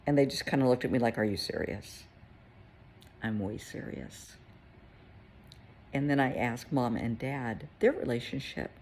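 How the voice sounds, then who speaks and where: A woman therapist telling a client story in a casual, conversational way, with gentle emphasis. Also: extremely low pitch, gravelly, slight background noise.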